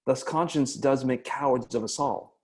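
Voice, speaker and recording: A man voicing a brooding young prince in a classical verse recitation, phrasing the lines in a measured, deliberate way. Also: mid-range voice, darkish tone, natural voice. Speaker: actor in a masterclass.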